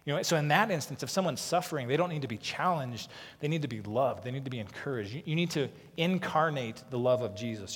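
A man's voice: mid-range voice, breathy edge, long reverb tail. A man preaching a sermon as pastor, earnest and conversational, often repeating words as he starts sentences.

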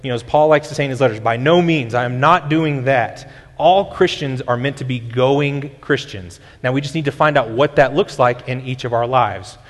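A man's voice: mid-range voice, brisk, hardly any pauses. A male pastor, preaching a sermon in a conversational teaching way, often restarting his sentences. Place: church sanctuary. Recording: long hall reverb.

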